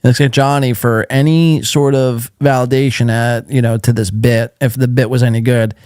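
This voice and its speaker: A man's voice: mid-range voice, fairly even intonation, normal speed, darkish tone, smooth, no room sound, clean studio sound. A man hosting a live podcast, riffing in crude, mocking commentary. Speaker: podcast host.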